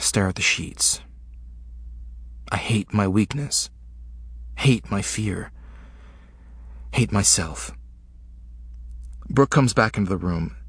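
A man narrating a first-person story in short, halting, intimate fragments. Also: fairly low pitch, a bit bright, breathy edge, no room sound.

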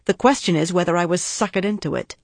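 A woman reading a measured, guarded female prosecutor. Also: lowish voice, no echo. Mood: cautioning. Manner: deliberate, cautioning, precise. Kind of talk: audiobook dialogue reading.

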